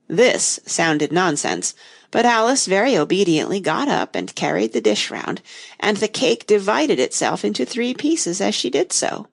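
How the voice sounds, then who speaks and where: A woman reading a storybook aloud in an expressive, measured way. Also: on the low side, vocal fry, husky. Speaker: narrator.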